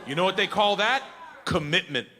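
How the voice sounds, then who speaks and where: A man performing a stand-up comedy routine on a live stage, telling crude stories loudly and excitably, often jumping into high yelling bits. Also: normal speed, in a large hall. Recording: live stage recording with crowd laughter. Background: audience laughter and crowd noise.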